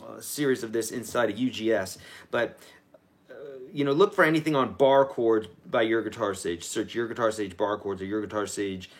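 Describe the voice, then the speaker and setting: With guitar playing behind him, a forties-aged guitar teacher runs a relaxed, encouraging livestream lesson at a normal speed. His voice is fairly low, and he keeps slipping in chatty jokes at his own expense.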